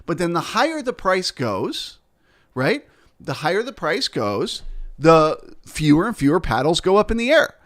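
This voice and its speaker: A man's voice: a little high, sing-song, measured pace, fairly bright tone. A man teaching as a futures trader, explaining the market through rhetorical questions and frequent "right?" and "okay?" check-ins. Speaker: futures trader and trading educator.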